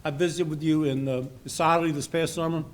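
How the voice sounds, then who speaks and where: A man's voice: a little high, fairly even intonation, fairly quick. An older man from Maryland giving a rambling, folksy speech to a society meeting, with many fillers and restarts. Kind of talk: informal after-dinner speech.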